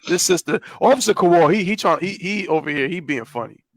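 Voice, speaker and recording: A man's voice: a little high, animated, over a noisy crowd. A man hosting a podcast, throwing in hype interjections and asking a guest for advice. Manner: hype interjections, slow drawn-out delivery. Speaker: podcast host.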